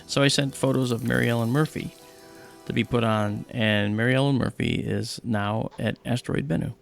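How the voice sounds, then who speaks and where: Gravelly man telling a rambling story. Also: mid-range voice, steady tone, moderate pace, soft background music. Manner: rambling storyteller with many fillers. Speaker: livestream host. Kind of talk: casual livestream chat.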